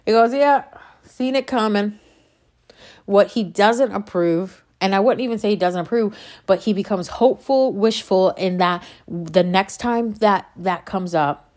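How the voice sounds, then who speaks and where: Speaking a little slowly in a darkish, mid-range voice, a woman gives a casual monologue on her faith. As a faith vlogger she's impassioned and rambling, breaking into her own sentences when she gets worked up.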